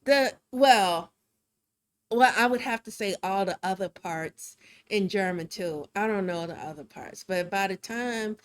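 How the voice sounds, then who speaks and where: A woman's voice: medium pitch, a little slow, smooth. A woman streaming live while drawing, chatting casually in a rambling, chatty way with frequent laughs. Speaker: live-streaming digital artist.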